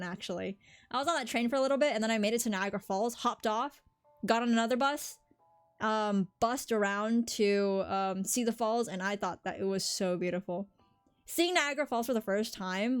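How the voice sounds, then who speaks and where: A woman with a slight Southern US accent chats loosely with her stream, rambling through stories and answering viewers. Her voice sits at a middle pitch. Quiet music plays faintly underneath. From Southern United States. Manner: rambling, chatty, answers chat. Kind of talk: casual live-stream chat.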